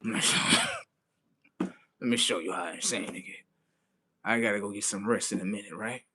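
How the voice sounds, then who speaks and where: A man ranting on a live stream in a slangy, swearing, animated way. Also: lowish voice, a little fast, a little hiss or hum. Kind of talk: profane live-stream rant.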